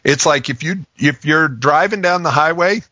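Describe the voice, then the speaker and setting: A man explaining relationship communication in a casual talk, animated and acting out example phrasings. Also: fairly high pitch, normal speed, no echo, dull audio. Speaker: relationship communication expert guest.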